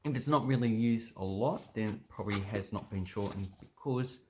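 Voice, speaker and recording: An Australian man casually explaining words from a dictionary, thinking aloud with many pauses and restarts. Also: lowish voice, darkish tone, slight background noise. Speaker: language vlogger.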